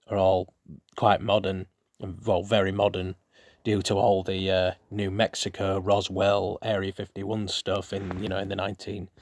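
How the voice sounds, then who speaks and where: A man's voice: fairly low pitch, no room sound, studio quality. A man hosting a casual spoken history show, rambling with many fillers and restarts. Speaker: host.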